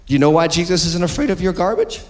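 A man's voice: high-pitched, animated, fast. A man preaching a sermon as pastor, with emphatic, repetitive delivery that calls for the congregation to respond. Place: church sanctuary. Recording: long reverb of a church hall.

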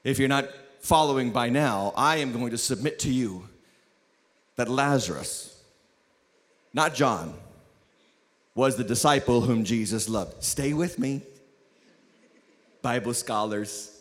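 A man preaching a sermon as lead pastor, telling the story with jokes and sudden shouts. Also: mid-range voice, slow pace, pauses often. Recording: long hall reverb.

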